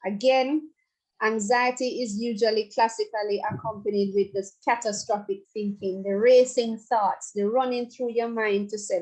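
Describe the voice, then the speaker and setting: Woman psychologist, higher voice. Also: normal speed, a little mellow, low-quality recording. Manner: conversational, laughs and playful asides. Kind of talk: guided relaxation talk to staff.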